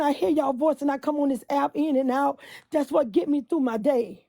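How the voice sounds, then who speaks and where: A high-pitched woman with a deeply gravelly, fry-laden voice and a mellow, dark tone. She vents with passion into her phone, repeating herself and drifting into hummed hymn lines. The sound is dry and close. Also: normal speed, no echo. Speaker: bus driver. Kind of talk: emotional venting on a live stream.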